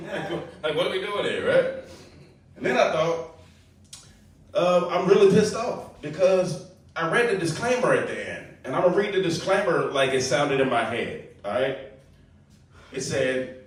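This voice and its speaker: A man's voice: medium pitch, expressive, normal speed. A man doing a loose, crowd-baiting stand-up set at an open mic, often laughing at his own jokes. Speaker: stand-up comic. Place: small comedy club. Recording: echoey room from far off, faint hiss.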